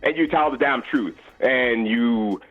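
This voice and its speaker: A Canadian man with a Canadian accent calling a talk show on a muffled, lo-fi phone line. His pitch sits mid-range, and he speaks earnestly, stopping and restarting his sentences. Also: faint music behind. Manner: earnest and halting, with many restarts. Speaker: caller. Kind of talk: phone-in chat.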